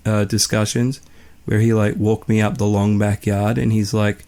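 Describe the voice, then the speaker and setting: A young man with an Australian accent tells a long personal story in loose, rambling turns, swearing without a second thought. His voice sits low and has a gritty, crackly edge. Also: level tone, normal speed, a little mellow. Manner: profane, laid-back, rambling. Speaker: podcast host. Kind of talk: casual storytelling.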